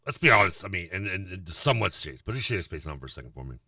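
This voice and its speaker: Animated ranting co-host, bright voice. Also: male voice, sits low, racing, no echo, studio quality, recorded from a distance. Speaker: sports radio co-host. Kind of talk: casual sports talk.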